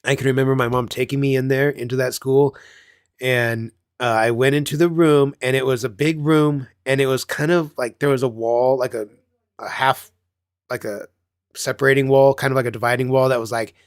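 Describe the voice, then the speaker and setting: A man's voice: mid-range voice, smooth, dry recording, studio quality. A man hosting a casual chat, telling rambling childhood stories with lots of swearing and laughing at himself. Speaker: channel host.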